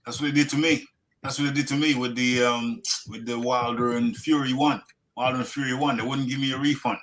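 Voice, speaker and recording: A man's voice: mid-range voice, fairly even intonation, a little fast, a bit bright, slight background noise, rough recording. A man hosting a boxing talk show, chatting casually with wry jokes and lots of repetition. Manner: repeats himself, wry and joking. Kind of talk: casual live podcast chat.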